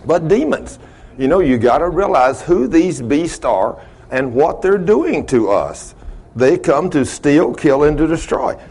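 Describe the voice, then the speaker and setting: A man preaching a sermon in a folksy storytelling way, laughing at his own stories and swinging between loud and hushed. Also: fairly high pitch, very animated, a little slow, husky.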